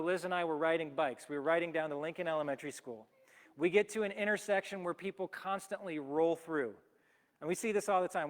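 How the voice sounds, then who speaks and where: A man, a pastor, preaching a conversational sermon in a church and telling everyday stories with emphatic delivery. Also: high voice. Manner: storytelling with everyday examples, lively and emphatic. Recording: long hall reverb.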